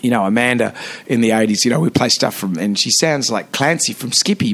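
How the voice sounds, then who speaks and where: A man in his fifties with an Australian accent, a radio host chatting as a guest in a podcast studio, telling animated stories with many restarts. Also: mid-range voice, a little fast. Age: 50s. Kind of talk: casual interview chat.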